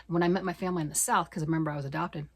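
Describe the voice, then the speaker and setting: A middle-aged woman chatting fast and excitedly about knitting, rambling off on tangents. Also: deep voice. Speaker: knitting vlogger. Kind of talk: casual chat.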